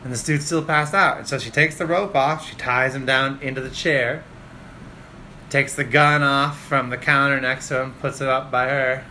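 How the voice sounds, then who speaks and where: Bright-voiced crude storyteller man. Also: mid-range voice, steady tone, moderate pace, a little hiss or hum. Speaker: podcast co-host. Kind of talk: casual podcast chat.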